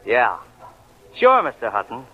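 An actor playing a polite, deferential young office clerk, in 1940s radio acting. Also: male voice, mid-range voice, wildly swooping pitch, a little slow. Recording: phone-like old radio recording.

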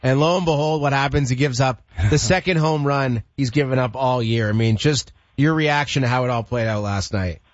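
Male radio host, mid-pitched, wry and brisk, dry dull studio sound. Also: dry recording. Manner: brisk, wry, animated when recapping. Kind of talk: morning sports radio talk.

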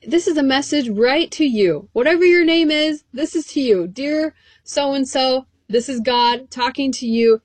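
A woman's voice: fairly high pitch, no room sound. A woman preaching an encouraging sermon, reading scripture verses aloud in an earnest way.

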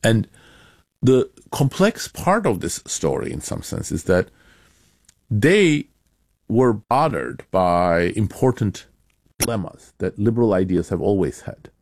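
A man, an author and academic, answering interview questions in a measured, explanatory way with bursts of emphasis. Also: lowish voice, very animated, a little mellow, no room sound, clean studio sound.

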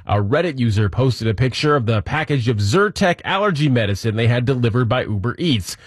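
Male radio segment host, mid-pitched, upbeat and lightly amused, dry studio mic. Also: lively intonation, a little fast, slightly rough, no room sound. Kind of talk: reading news items and bantering.

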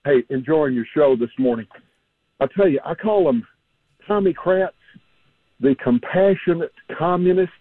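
A man's voice: fairly high pitch, animated, measured pace, long pauses, no room sound. A man calling into a radio show and ranting in a heated, indignant way. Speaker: caller. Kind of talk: phone-in rant. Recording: husky tinny phone line.

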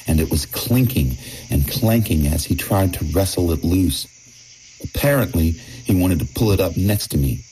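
A man's voice: sits low, dark tone, slight background noise, poor audio. A man narrating a personal anecdote in the first person, in a wry, emphatic manner. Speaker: storyteller.

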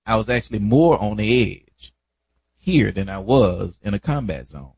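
A middle-aged man, recalling caring for a dying family member in a reflective, halting way. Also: lowish voice, animated, vocal fry, a little mellow, slightly rough, no echo. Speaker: family caregiver. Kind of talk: casual family conversation.

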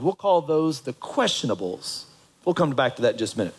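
A man's voice: medium pitch, big pitch swings, a little fast, breathy edge, rough recording. A man preaching a sermon as pastor, in a conversational way that asks the congregation questions.

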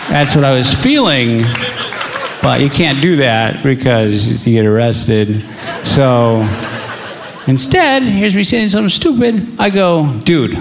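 A middle-aged man tells an exasperated story about being a dad in a stand-up set. His voice is gravelly and on the high side, and a crowd murmurs faintly under the live recording. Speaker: stand-up comedian.

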